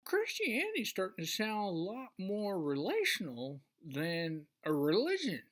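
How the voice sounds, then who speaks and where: Lady asking faith questions slowly, voice swings up and down a lot. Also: medium pitch, wildly swooping pitch. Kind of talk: casual faith discussion.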